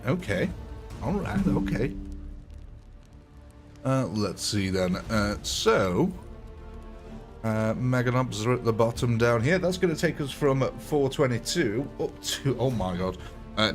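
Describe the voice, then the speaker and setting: A man chats easily as he hosts a live gameplay stream, talking straight to his viewers and breaking into laughs. His voice sits at an ordinary middle pitch, and game music plays clearly behind him. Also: lively intonation, unhurried. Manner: chatty, laughs often, talks to chat. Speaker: livestream game host. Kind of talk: casual live gameplay chat.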